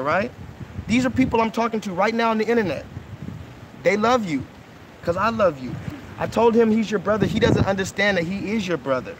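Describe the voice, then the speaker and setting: Earnest high-voiced man coaxing kids. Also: noisy background. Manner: earnest, coaxing, keeps asking "okay?" and "right?". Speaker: livestream host. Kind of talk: casual live-stream talk with kids. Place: outdoors by a pool.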